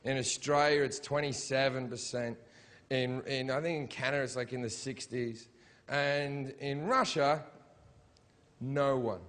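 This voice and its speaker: A man's voice: mid-range voice, steady tone, measured pace, fairly bright tone, slight background noise. A middle-aged man doing a stand-up comedy routine on stage, blunt, profane and mocking. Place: comedy stage before a live audience.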